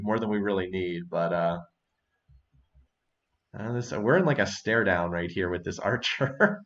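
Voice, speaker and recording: Low-voiced male gameplay host, chatty and quick to laugh, muffled lo-fi mic, mouse clicks behind. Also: fairly bright tone. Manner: chatty, laughs often, thinks aloud. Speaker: let's-play host. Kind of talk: casual gameplay commentary.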